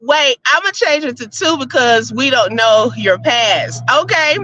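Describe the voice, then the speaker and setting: A woman hosting a casual live-stream chat, reading viewer votes and telling stories, animated and laughing often. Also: high-pitched, a little slow. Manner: chatty, animated, laughs often, addresses listeners as y'all. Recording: slightly muffled lo-fi audio.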